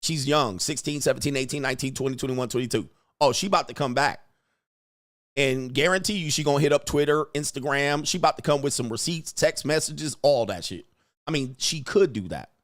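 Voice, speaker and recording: A man's voice: mid-range voice, brisk, a bit bright. A male livestream host giving brash, profane, combative commentary and laughing often. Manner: frequent laughter.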